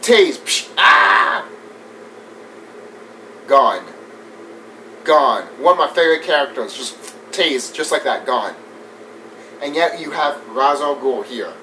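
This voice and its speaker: A man giving a casual, animated movie review rant. He swears often, laughs a lot and mimics scenes as he talks. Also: mid-range voice, unhurried, long pauses. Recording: distant mic with faint background noise.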